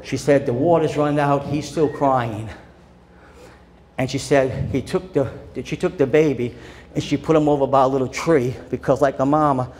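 Impassioned preacher in a reverberant church. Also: male voice, mid-range voice. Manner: impassioned preaching that swings from loud declarations to quiet storytelling. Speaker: pastor. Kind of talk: sermon. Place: church sanctuary. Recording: long church reverb with faint background noise.

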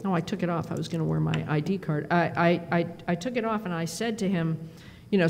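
A middle-aged woman giving a conference keynote, telling stories in an animated, self-deprecating way with quick asides. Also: fairly low pitch, creaky, a little hiss or hum. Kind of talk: storytelling speech. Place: performance hall. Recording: long hall reverb, faint ambience.

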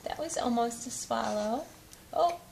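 A woman's voice: fairly high pitch, expressive, measured pace, vocal fry, a little mellow. A woman filming her baby's feeding at home, talking to the baby and the dog in a sing-song baby voice with lots of laughter. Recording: echoey room with faint noise.

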